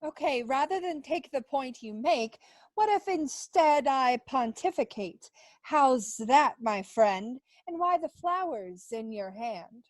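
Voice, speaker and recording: Sly flowery snake voiced by a woman, high and slow, super dry sound. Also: expressive, no room sound. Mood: teasing. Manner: flowery, insinuating, slow and deliberate. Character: smooth-talking meddling talking snake. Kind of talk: audio theater acting.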